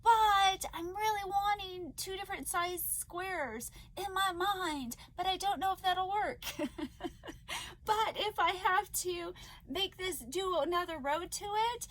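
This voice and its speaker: A woman crochet vlogger chatting casually to viewers as she opens parcels, gushing and excitable with frequent gasps. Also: very high-pitched, slow pace. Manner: gushing and excitable, gasping often. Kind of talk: casual unboxing chat to viewers.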